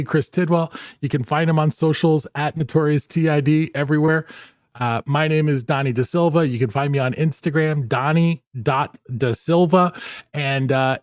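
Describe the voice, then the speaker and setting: A man's voice: on the high side, dry recording, studio quality. A middle-aged man hosting a podcast, telling a story in a loose, profane way and laughing as he goes. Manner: animated, profane, laughs while telling stories. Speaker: podcast host. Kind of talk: casual storytelling chat.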